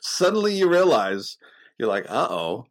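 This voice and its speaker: A middle-aged man talking earnestly about faith and relationships, with a pastoral manner, often dropping into a soft, low voice. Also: sing-song, normal speed. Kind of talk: reflective faith conversation.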